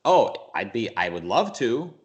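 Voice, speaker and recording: A young man chatting in an interview, working through ideas as he speaks. His pitch sits in the middle, and he stumbles and restarts often. Sometimes he slips into mocking voices. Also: sing-song, unhurried, dull audio. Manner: thoughtful, rambling, restarts a lot, sometimes mimics voices. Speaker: interview guest. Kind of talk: casual conversational interview.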